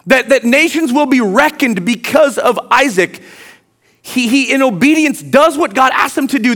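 A man preaching a sermon as pastor, reading scripture aloud and swinging from quiet, drawn-out lines to loud, emphatic ones. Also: extremely high pitch.

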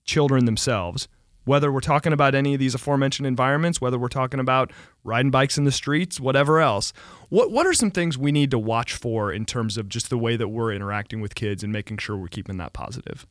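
A man with a mid-range voice hosts a casual conversation, talking loudly and with plenty of life. The sound is dry and close-miked, with no echo. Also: medium pitch, fast. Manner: loud, lively talker. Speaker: host. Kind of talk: casual chat.

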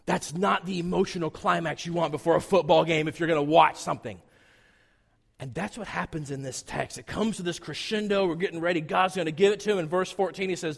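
Pastor guy in his 40s, kinda high voice, storytelling sermon, long echo from the hall. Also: a little fast, gravelly. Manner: lively storytelling with acted-out quotes and asides. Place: church sanctuary.

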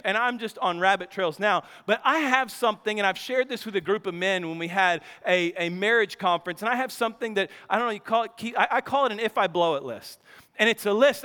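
A man in his thirties, a pastor preaching a sermon with storytelling, animated, laughing often, his voice jumping high when excited. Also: smooth. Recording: long hall reverb.

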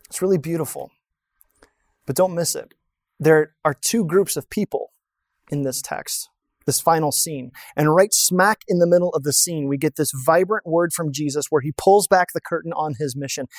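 Pastor, sermon, conversational, rhetorical questions, dry close sound, medium pitch. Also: darkish tone, dry recording.

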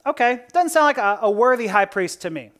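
This woman preacher has a voice on the high side and talks fairly quickly through her sermon. She's animated and conversational, asking rhetorical questions and laughing at her own humor.

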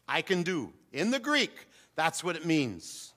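A man's voice: fairly high pitch, huge pitch swings, a little slow, pushed and bright. An older man preaching a sermon to a congregation, calling out to them with rising fervor. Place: church hall with congregation. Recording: long hall reverb.

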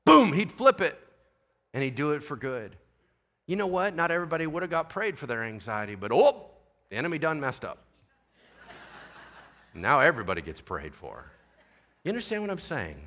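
A middle-aged man, a pastor, preaching a sermon with animated storytelling, going from quiet asides to loud exclaiming. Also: mid-range voice, fairly quick, long pauses. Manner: animated storytelling, voices others in quotes, swings from quiet to shouting.

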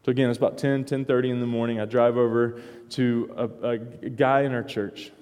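A middle-aged man preaching, spinning a personal story with loose restarts and soft chuckles. His voice is mellow and dark, and it carries a long reverb from a large church sanctuary. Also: medium pitch, level tone, fairly quick. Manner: rambling with many restarts and chuckles. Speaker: pastor. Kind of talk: sermon storytelling.

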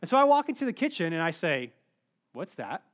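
Male pastor, 30s, high voice, storytelling sermon, animated and joking. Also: rapid-fire, smooth.

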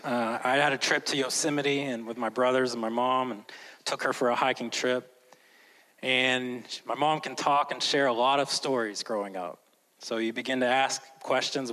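Male pastor, sermon, dynamic preaching, loud emphasis then hushed whispers. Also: medium pitch, fairly even intonation, normal speed, poor audio.

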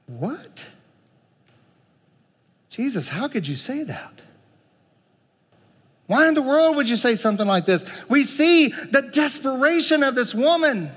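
A male pastor preaching a sermon, moving between loud pleading and quiet, conversational asides. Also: very high voice, sing-song, normal speed, breathy edge, big-room sound.

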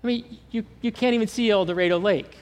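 A man from Kansas with a Kansas accent preaching a sermon as pastor, animated and asking the congregation questions. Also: high voice, fast talker, in a large hall.

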